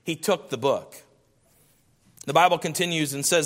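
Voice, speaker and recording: A man's voice: a little high, normal speed, pauses often. A man preaching a sermon, reading scripture aloud and building emphatic lists of repeated phrases. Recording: long hall reverb.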